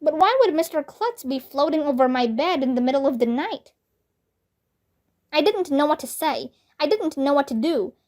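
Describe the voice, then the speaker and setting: A woman with a high voice reads a children's book aloud. Her delivery is slow, clear and expressive, in a steady storybook style. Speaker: storybook reader.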